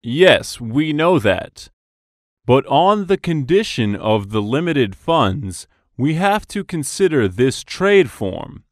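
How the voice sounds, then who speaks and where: Male reader for lesson dialogues: slow, clearly enunciated, lively intonation, dry studio sound. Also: mid-range voice, dry recording. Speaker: dialogue reader for English practice. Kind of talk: scripted business dialogue reading.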